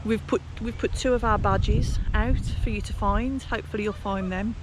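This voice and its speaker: A woman's voice: medium pitch, steady tone, normal speed, noisy background. A chatty woman with a Black Country accent talks casually to camera outdoors on a canal towpath. She rambles, stops and restarts her sentences, and fills the gaps with plenty of ums. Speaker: cycling vlog host. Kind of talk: casual outdoor vlog chat.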